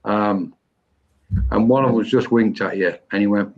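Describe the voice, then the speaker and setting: On a dull lo-fi online stream, a man with a lowish voice hosts a live session and gives a psychic mediumship reading. He pauses a lot and restarts as he searches for words.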